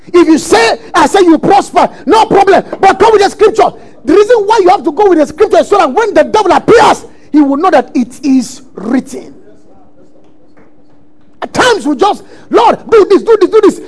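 A man preaching a sermon, emphatic and often shouting lines as he acts out quotes. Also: extremely high pitch.

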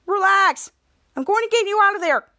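A woman's voice: very high voice, expressive, moderate pace, sharp tone, pitched above the performer's own voice, exaggerated voice. A woman voicing a cocky teenage boy superhero, brash and impatient. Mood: reassuring.

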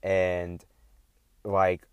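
A man's voice: deep voice, monotone, drawn-out words, clean tone, dry recording. A man in a casual, heated monologue, talking in a profane, emphatic and indignant way.

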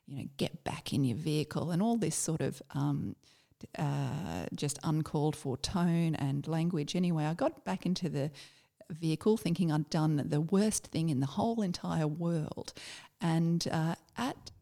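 A middle-aged Australian woman, a former army officer, telling a personal story in a reflective, halting way with many fillers. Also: low voice, gravelly, mellow.

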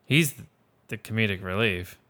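A man's voice: lowish voice, normal speed, sharp tone. A man from the Philadelphia area co-hosting a movie podcast, chatting in an easygoing, agreeable way. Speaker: podcast co-host. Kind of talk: casual movie discussion.

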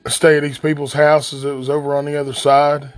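A man's voice: on the high side, level tone, fairly quick, faint music behind. A man from the West Virginia coal fields with an Appalachian accent, hosting a podcast as a blunt, angry, heavily profane solo rant. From southern West Virginia coal fields. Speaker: podcast host.

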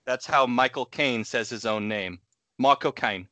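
Rambling podcast host, bright-toned man. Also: mid-range voice, moderate pace, no echo. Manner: rambling, trails off, laughs often. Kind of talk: casual chat.

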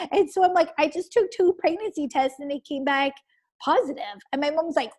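High-voiced woman telling a story. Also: moderate pace. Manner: animated retelling, acts out quotes, says "like" constantly; breaks into laughter often. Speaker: podcast guest. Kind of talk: casual storytelling.

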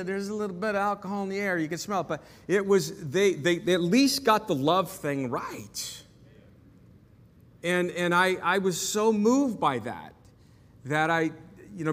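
Animated preacher in an echoing hall. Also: male voice, a little high. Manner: animated storyteller, repeats words and restarts. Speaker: pastor. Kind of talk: sermon with personal story. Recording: long reverb of a large hall.

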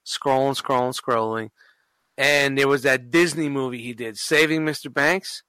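Profane, rambling podcast host. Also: male voice, mid-range voice, fairly even intonation, normal speed, bright, forceful tone, smooth, dry recording. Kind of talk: casual podcast chat.

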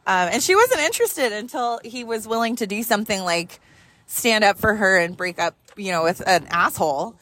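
An animated woman in her thirties tells a long story in a car while she drives. She talks casually and swears freely, and she laughs often as she goes. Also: medium pitch, moderate pace. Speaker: mother telling a story.

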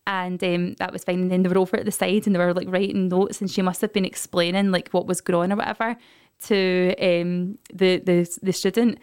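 A young Scottish woman chats casually on a podcast, telling her birth story as a lively storyteller who acts out what people said. Her voice is lowish, smooth, and fairly quick. The recording is dry and studio quality.

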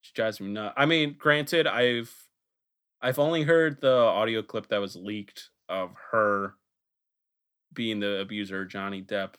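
Male podcast host, lowish voice, casual and profane, quick to laugh. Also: fairly bright tone, clear, resonant tone. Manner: joking, swearing, laughs often.

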